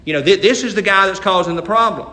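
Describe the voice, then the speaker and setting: A man preaching a folksy sermon, stammering into restarts and loudly acting out the people in the story. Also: sits high, fast talker, roomy sound. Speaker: pastor.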